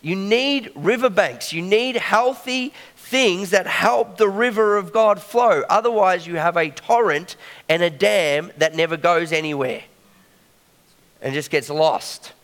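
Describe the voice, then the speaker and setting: A man's voice: sits high, a little slow, fairly bright tone, big-room sound. A man preaching a sermon in a conversational way, often checking in with the congregation.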